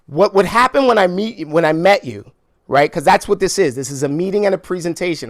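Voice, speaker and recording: A man coaching a room on real estate sales calls, energetic and animated, acting out phone conversations. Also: sits high, brisk, no echo, studio quality. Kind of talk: sales training talk with role-play.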